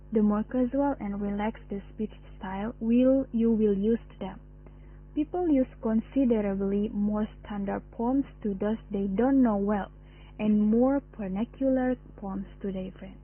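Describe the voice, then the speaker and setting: A woman's voice: mid-range voice, husky. A young woman with an Indonesian accent, reading a class presentation aloud in a careful way. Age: young adult. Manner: careful, read-aloud delivery. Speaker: student presenter. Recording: phone-like narrow sound.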